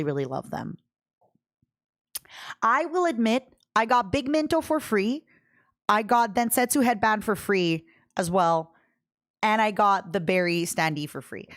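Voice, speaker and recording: Young female streamer, bubbly, chatty, talks straight to her viewers. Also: medium pitch. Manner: bubbly, talks to chat, jumps from topic to topic. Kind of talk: casual livestream chat.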